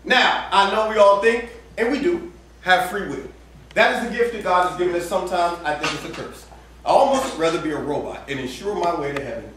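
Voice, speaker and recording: A man's voice: sits high, fairly quick, fairly bright tone, slight background noise. A man preaching a sermon in a casual, slang-filled way, acting out little dialogues and laughing often. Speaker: campus minister preaching. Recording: echoey room from far off.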